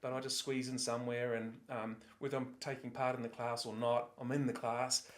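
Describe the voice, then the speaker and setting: A man's voice: medium pitch, level tone, fairly quick. Man, Australian accent, interviewee, casual, hesitant, earnest. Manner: hesitant, many ums and restarts, earnest. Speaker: former student and artist, interviewee.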